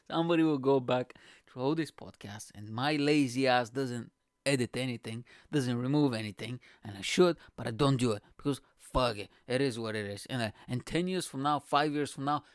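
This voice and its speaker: A man's voice: mid-range voice, no room sound, clean studio sound. A man hosting his own podcast, rambling from tangent to tangent with a joking, heavily profane manner. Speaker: podcast host. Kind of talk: casual solo podcast rambling.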